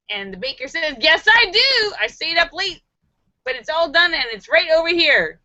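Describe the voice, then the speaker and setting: A woman hosting a live stream, reading viewers' jokes aloud and acting out the voices with giggly, animated delivery. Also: sits high, moderate pace, no echo, lo-fi sound. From Los Angeles area.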